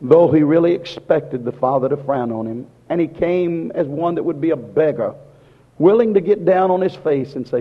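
A man with a husky, slightly raised voice preaching with fervour, dropping to a hush and then rising again. His sermon rings through a hall with a long, lingering echo, and the recording sounds dull and lo-fi. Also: fairly high pitch, moderate pace. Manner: impassioned, repetitive preaching that swings between hushed and loud. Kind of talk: fervent sermon.

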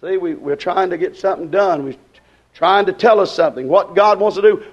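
A man preaching a sermon, swinging between loud rising lines and low quiet ones and repeating his phrases. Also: moderate pace. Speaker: pastor.

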